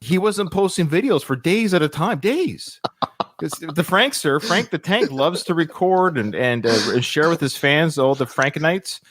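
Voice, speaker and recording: A man's voice: on the high side, lively intonation, unhurried, fairly bright tone, no room sound. A man hosting a casual podcast, chatty and joking in a mock-emotional way. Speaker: podcast host.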